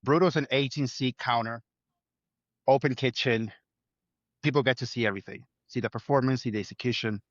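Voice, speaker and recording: A man's voice: medium pitch, a little fast, no room sound, lo-fi sound. A man, a chef, speaking earnestly in an interview, building his points in short lists. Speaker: chef guest. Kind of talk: reflective interview talk.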